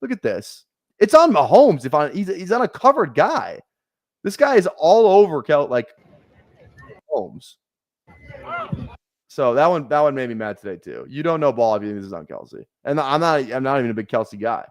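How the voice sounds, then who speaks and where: A man's voice: a little high, sing-song, moderate pace, pauses often, dry recording. A man streaming a fantasy football draft, ranting heatedly at his chat with lots of swearing and repeated phrases. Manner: heated, profane, repeats himself. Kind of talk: ranting live stream commentary.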